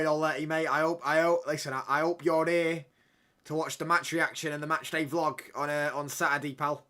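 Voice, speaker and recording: A young man live-streaming a football watchalong, reacting excitedly and bantering with viewers in slangy chat. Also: on the high side.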